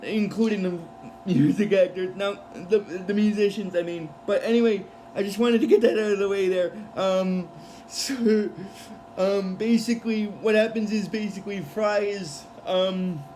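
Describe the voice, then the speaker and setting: A man's voice: high voice, measured pace, darkish tone, slight background noise, poor audio. A man giving a casual episode recap, rambling with many fillers and restarts. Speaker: show recap vlogger.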